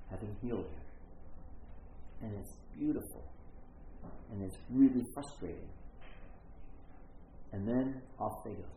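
A man's voice: lowish voice, creaky, dark tone, slight background noise. A middle-aged man teaching a Bible story in a conversational, rambling way, often interrupting himself. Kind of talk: storytelling sermon. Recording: echoey phone-like recording.

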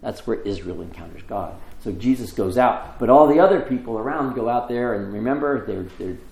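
A middle-aged man preaching a sermon, telling the story with lively acted quotes and conversational asides. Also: medium pitch, fairly quick, gravelly, roomy sound, rough recording. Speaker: pastor.

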